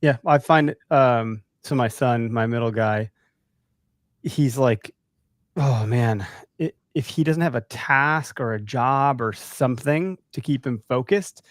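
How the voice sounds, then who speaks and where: A man hosting a podcast in casual chat, animated and acting out the voices of people he quotes. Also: mid-range voice, slow, no echo, studio quality. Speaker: podcast host.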